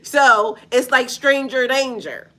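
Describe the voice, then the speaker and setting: A woman with a high, bright, forceful voice talks slowly as a spiritual reader on a casual livestream. She's blunt and profane, laughs a lot, and addresses her viewers directly in slangy, repetitive chat.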